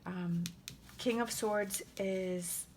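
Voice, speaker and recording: A woman giving a casual tarot reading in a gentle, rambling and emotional way, with many pauses and fillers. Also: mid-range voice, fairly even intonation, a little hiss or hum. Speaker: tarot reader.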